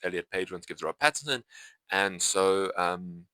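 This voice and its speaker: Bright-toned young man rambling casually. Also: deep voice, animated, normal speed, no echo, rough recording. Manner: rambling, full of fillers and self-corrections. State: itchy eyes. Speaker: vlogger reviewing a film. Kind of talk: casual unscripted talk to camera.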